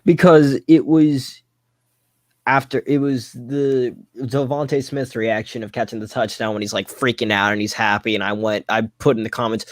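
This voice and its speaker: A man's voice: mid-range voice, fairly even intonation, moderate pace, dry recording. A man co-hosting a casual sports stream, blunt and sarcastic, swearing freely.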